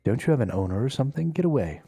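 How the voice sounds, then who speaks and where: A man's voice: medium pitch, lively intonation, rapid-fire, creaky, dark tone, slightly rough, no room sound, studio quality, soft background music, pitched above the performer's own voice. A man playing a wry, cocky adventurer. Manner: wry, self-assured. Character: cocky adult male adventurer hero.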